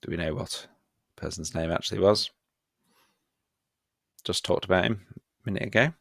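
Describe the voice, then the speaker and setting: A man with a very low voice leads a live online revision quiz for students. He is playful and pokes fun at himself, and his voice sounds dry and close. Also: normal speed, creaky, a bit bright, no room sound. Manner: playful and self-mocking, chuckles often. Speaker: history teacher.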